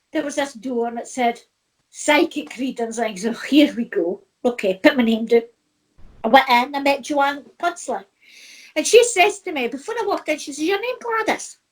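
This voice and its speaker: A middle-aged Scottish woman, a spiritual medium, telling her own story in a heartfelt, rambling way with many restarts. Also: sits high. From Scotland. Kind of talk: personal storytelling.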